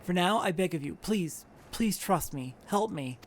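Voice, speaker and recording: Mysterious young woman, soft-spoken and pleading; a man reads her lines. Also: high-pitched, animated, measured pace. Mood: earnest pleading. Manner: soft, earnest, hesitant pleading.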